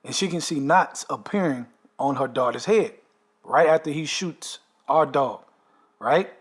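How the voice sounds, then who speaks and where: With a fairly high, slightly rough voice, lively intonation, and a measured pace, a man tells the long story of a dream. His casual monologue is emphatic, and he keeps tagging lines with "man" and "okay."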